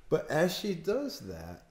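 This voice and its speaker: Here a caretaker of a haunted building recounts a ghost story for an interview, his slightly high voice swooping wildly in pitch, with drawn-out words and a darkish tone. His telling is rambling and hesitant, packed with fillers and self-directed laughter.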